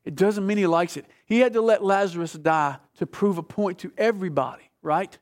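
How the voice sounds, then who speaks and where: Male preacher, high voice, fervent and conversational, drops to a hush then builds up loud. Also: a little fast. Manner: passionate, swings between hushed and loud; conversational, asks the audience questions. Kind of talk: sermon.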